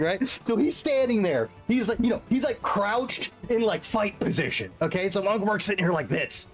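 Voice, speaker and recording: A man's voice: high-pitched, brisk, few pauses, soft background music. A man streaming, telling a long rambling story in casual chat. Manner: animated, rambling, lots of restarts.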